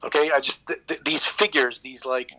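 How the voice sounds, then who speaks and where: A man's voice: fairly high pitch, fairly even intonation, moderate pace, pushed and bright, poor audio. A man co-hosting a casual podcast over an online call, rambling and joking with stammered restarts. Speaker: podcast co-host. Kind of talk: casual chat. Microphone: online call with cheap mic.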